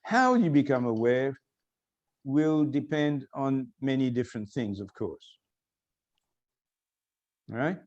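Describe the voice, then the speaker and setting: A man giving a recorded lecture, explaining slowly and repeating key phrases for emphasis. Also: medium pitch, lively intonation, darkish tone, muffled recording.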